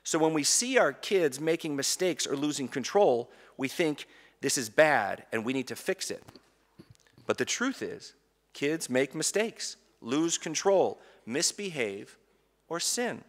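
A middle-aged man, a seminary professor, giving a conference talk and telling a family story in a lively way, acting out the shouts of children and parents. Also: fairly high pitch. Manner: animated, acts out children's cries and parents' shouts. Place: conference hall. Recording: long hall reverb.

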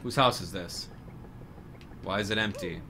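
A man's voice: low-pitched, measured pace, sharp tone, a little hiss or hum. A man giving a playful, sarcastic commentary over a video game he is playing. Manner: sarcastic, joking asides. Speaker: gaming commentator. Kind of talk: let's play commentary.

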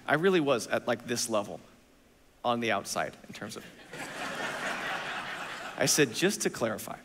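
Preaching in a sanctuary where his words echo with long church-hall reverb, a mid-range-voiced man shares a story at his own expense. He animates the conversation by acting out each part.

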